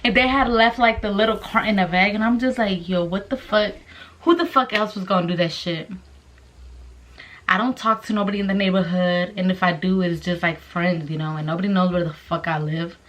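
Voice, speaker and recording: Speaking a little fast in a lowish voice, a young woman recounts a story on her casual vlog. Her profane, animated telling is packed with curse words and impressions of the people she's quoting.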